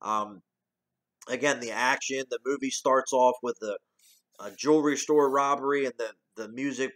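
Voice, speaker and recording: A man's voice: mid-range voice, steady tone, moderate pace, pushed and bright. A man chatting his way through a movie review. His talk is loose and rambling, with lots of restarts and the odd swear word. He stays casual throughout.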